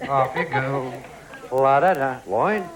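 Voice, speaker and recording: A man's voice: mid-range voice, slow pace, a crowd in the background, poor audio. A man hosting a game show, joking and teasing the contestants and calling them love and darling. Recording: archival TV studio with loud audience. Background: loud studio audience.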